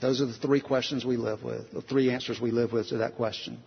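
A male pastor preaches an earnest, conversational sermon in a medium-pitched voice that's gravelly with a breathy edge, steady in tone and fairly quick. He repeats phrases, restarts sentences, and asks many rhetorical questions. The recording is dull and lo-fi, with long hall reverb.

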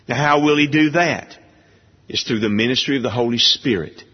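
A man preaching a sermon in a church, slow and emphatic, lifting his voice high on key words. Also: husky. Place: church sanctuary. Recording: dull long-reverb church hall sound.

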